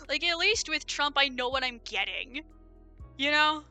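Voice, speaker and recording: A woman's voice: high voice, lively intonation, measured pace, sharp tone, faint music behind. A young American woman with an American accent, giving an opinionated, rambling livestream rant full of fillers. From United States. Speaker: streamer.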